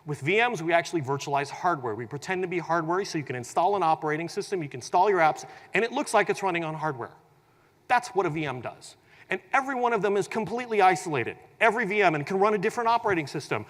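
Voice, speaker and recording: Energetic male tech presenter in a reverberant hall. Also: high voice, quick pace. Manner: energetic, acts out quoted scenarios with humor. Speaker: conference presenter. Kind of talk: tech conference keynote talk. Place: large conference hall.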